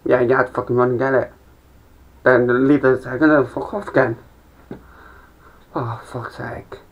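An amateur comedian, a young man, rambles through a sweary stand-up monologue full of mumbled asides. His mid-range voice has vocal fry, and the home recording sounds dull and lo-fi.

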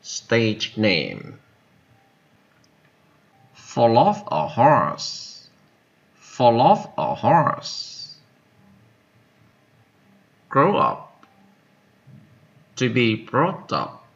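Male vocabulary reader, very slow and lively in pitch, gravelly bright tone, dull lo-fi recording; reads each word twice.

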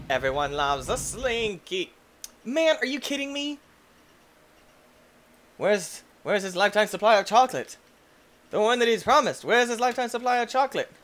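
Goofy, excitable young man gaming. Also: high voice, moderate pace, pauses often. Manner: goofy and excitable, shouts and yelps, silly quoted voices. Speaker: gaming YouTuber. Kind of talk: energetic gameplay commentary.

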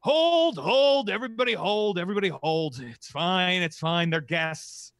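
A big, blustery half-ogre warrior, put on by a man running a tabletop game. He barks orders and gets flustered, with a bright, forceful, somewhat high voice. The recording is dry and close. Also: sing-song, dry recording, full character voice. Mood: commanding. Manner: loud, flustered, quick to shout.

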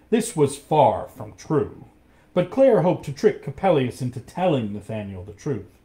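A man reading a storybook aloud, expressive and acting out each character. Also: medium pitch, measured pace.

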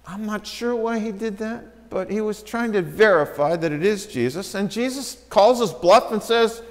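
A man preaching a sermon as pastor, telling a Bible story and acting out the quoted lines with changes in pitch and loudness. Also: a little slow. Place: church sanctuary. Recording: church sanctuary with long reverb.

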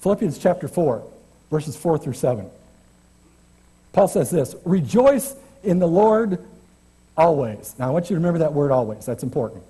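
A man's voice: fairly high pitch, animated, a little fast, pauses often, dark tone, breathy edge. A man preaching an informal, chatty church sermon as a guest preacher, self-deprecating and often restarting his sentences. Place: church sanctuary.

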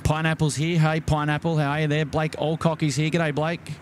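A man's voice: on the high side, flat delivery, a little fast, slight background noise. Chatty Australian man hosting outdoors. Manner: chatty, greets viewers by name, frequent fillers. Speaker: live stream host. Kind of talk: casual live stream chat. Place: outdoors at night by a waterfront jetty.

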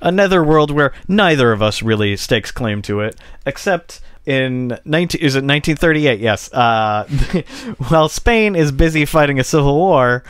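A man's voice: mid-range voice, lively intonation, moderate pace, fairly bright tone, smooth, dry recording, studio quality. A man co-hosting a casual history podcast, chiming in with jokes and quips. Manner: jokey, chimes in with quips and voiced asides. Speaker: podcast co-host.

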